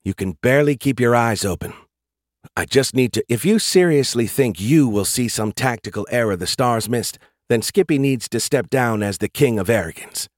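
A man's voice: medium pitch, animated, moderate pace, no room sound, studio quality, lightly acted. A man voicing a blunt female military officer in an audiobook, speaking in a firm, matter-of-fact way.

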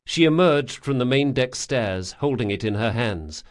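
A man narrating a fantasy novel in a measured, dramatic reading. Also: mid-range voice, expressive. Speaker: audiobook narrator.

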